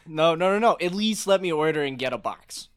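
A man's voice: a little high, expressive, a little fast, clean tone, pitched above the performer's own voice, close to an everyday voice. A man playing a flustered hungry husband. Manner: stammering, hesitant, lots of uhs. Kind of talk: improv comedy scene.

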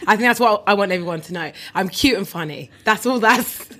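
A woman's voice: mid-range voice, brisk, pushed and bright, a little hiss or hum. A woman in her late twenties, a comedian guest in an interview, talking playfully and boasting about herself in jest. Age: 20s. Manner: playful, boastful self-mockery. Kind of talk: casual interview chat.

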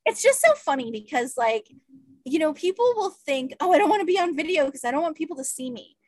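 Woman podcast host, high and very lively, casual and laughing, dry booth. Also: fast talker, dry recording. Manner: laughs often, expressive. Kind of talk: casual chat.

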